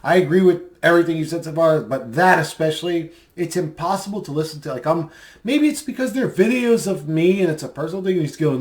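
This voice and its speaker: Rambling man with a higher voice. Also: expressive, fast. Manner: mocking, rambling, many fillers. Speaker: video creator replying to comments. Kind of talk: casual commentary vlog.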